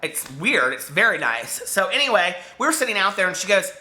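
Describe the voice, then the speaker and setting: A man hosting a casual book vlog from home, telling stories straight to his viewers. His voice is bright and forceful, and his pitch swings widely as he goes. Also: a little fast. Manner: animated storyteller, talks straight to viewers. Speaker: book vlogger.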